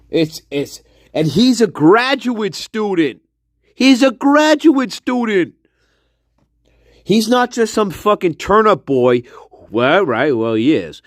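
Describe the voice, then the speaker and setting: Male commentator, slow-paced profane rant, sneering, dry close sound. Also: high-pitched, dry recording. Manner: profane, mocking, with scornful laughs. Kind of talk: angry ranting monologue.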